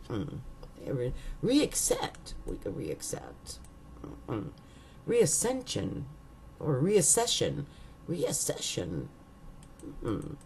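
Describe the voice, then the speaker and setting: A woman talks to her viewers in a casual monologue, unhurried and drawn out. Her pitch rises and falls a great deal as she playfully muses her way through a long list. Faint background noise sits under her voice. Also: darkish tone. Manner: playful, drawn-out word listing with musing asides. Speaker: astrology video host.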